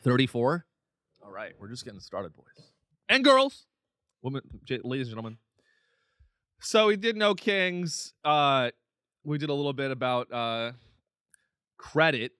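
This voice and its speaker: Bright, animated man ranting. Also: medium pitch, measured pace, long pauses, smooth, dry recording, studio quality. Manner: profane, exasperated ranting with mocking impressions. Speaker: podcast host. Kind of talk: comedic rant.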